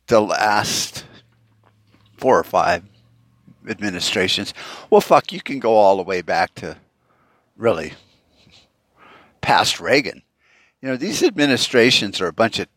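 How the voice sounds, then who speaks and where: A man rants alone into his podcast mic, swearing freely and circling back with plenty of ums and restarts. His voice sits at an ordinary middle pitch. The sound is dry and close, with no room echo. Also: fairly bright tone. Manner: profane, rambling, with frequent fillers and restarts. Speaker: podcast host. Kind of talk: solo podcast rant.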